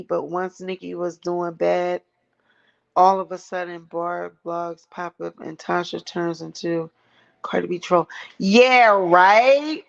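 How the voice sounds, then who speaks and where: A woman's voice: lowish voice, gravelly, highs cut off. A woman hosting a casual gossip commentary vlog, blunt, sassy and profane. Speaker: vlog host.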